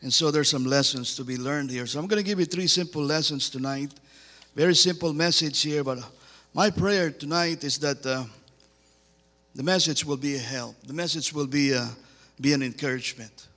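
A man's voice: on the high side, normal speed, pushed and bright. A man preaching as a guest speaker, reading scripture and pressing home repeated emphatic questions in a sermon. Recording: long hall reverb.

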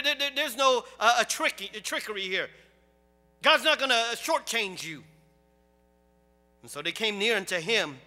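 A man preaching a sermon as pastor, swinging from quiet storytelling to loud, animated preaching. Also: extremely high pitch, long reverb tail.

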